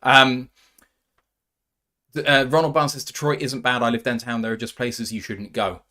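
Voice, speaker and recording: A man's voice: medium pitch, little pitch movement, normal speed, pushed and bright. An English man co-hosting a casual podcast, reading out viewer comments and adding brief asides. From England. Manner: reads viewer comments aloud with brief asides, laughs easily.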